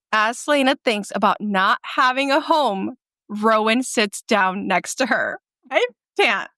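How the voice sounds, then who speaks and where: A woman's voice: medium pitch, a bit bright, no room sound, studio quality. A young woman co-hosting a book podcast, speaking emphatically and swearing casually as she recaps emotional scenes. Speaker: podcast co-host.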